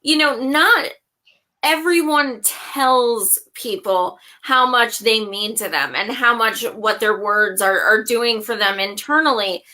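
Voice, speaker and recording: A woman's voice: fairly high pitch, slow pace, pushed and bright. A woman hosting an interview, talking in an encouraging way with many fillers. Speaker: interview host.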